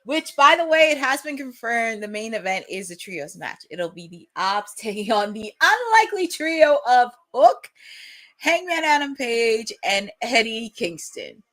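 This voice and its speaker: A young woman hosting a live watch-along, chatting and reacting excitedly with frequent laughs. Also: fairly high pitch, a little slow.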